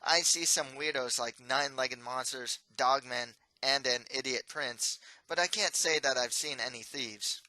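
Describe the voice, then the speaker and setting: A legless young ghost needles everyone in a nasal, sarcastic drawl, his bright, dry voice full of mockery, as a man reading his own storybook puts him on. He teases rather than threatens. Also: medium pitch, measured pace, hardly any pauses, no echo, low-quality recording. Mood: sarcastic teasing. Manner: teasing, sarcastic.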